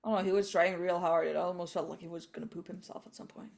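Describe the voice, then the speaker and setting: Gravelly-voiced woman player. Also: on the low side, fairly even intonation, fast, a little mellow, slight background noise. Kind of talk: casual in-character chat.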